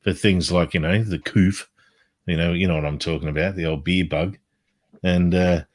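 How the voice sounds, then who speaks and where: Brief: low-pitched man, rambling guest, casual chat, salty language. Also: steady tone, moderate pace. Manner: rambling, swears freely. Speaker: live stream guest.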